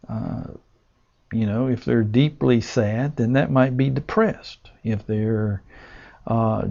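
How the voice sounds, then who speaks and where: Gravelly male instructor, unhurried lecture delivery, muffled lo-fi sound. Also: mid-range voice, darkish tone. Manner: slow, deliberate, with many "uh" fillers. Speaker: pastoral care instructor. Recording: dull lo-fi recording.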